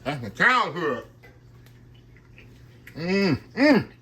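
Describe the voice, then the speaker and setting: A man's voice: high voice, big pitch swings, extremely slow, breathy edge. A man hosting a casual home cooking vlog, folksy and chatty, tasting his food on camera and talking with his mouth full. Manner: folksy, warm, keeps saying y'all. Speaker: cooking channel host.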